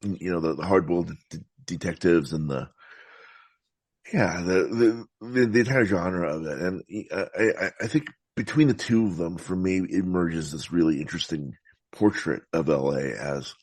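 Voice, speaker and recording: A man talking about films as a podcast guest, in a thoughtful, meandering way with frequent halting restarts. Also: deep voice, slightly rough, dry recording. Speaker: podcast guest, film critic. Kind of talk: casual film discussion.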